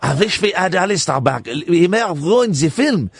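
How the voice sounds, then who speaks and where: A man's voice: sits high, very animated, normal speed, gravelly, husky, heavily acted. A man doing a put-on Swiss accent, playing a bloodthirsty Swiss villager who declaims in an exaggerated, theatrical way. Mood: lamenting.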